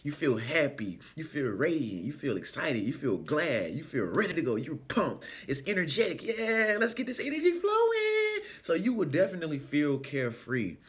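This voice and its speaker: A man speaking in an animated, preachy, sing-song way in a motivational vlog. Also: on the high side, normal speed, hardly any pauses. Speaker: spiritual self-help vlogger.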